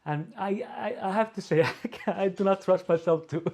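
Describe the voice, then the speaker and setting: A man with an Icelandic accent, hosting a casual video-call Q&A as an editor, talking haltingly with many fillers and restarts. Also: high-pitched, a little mellow. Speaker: editor-in-chief, co-host.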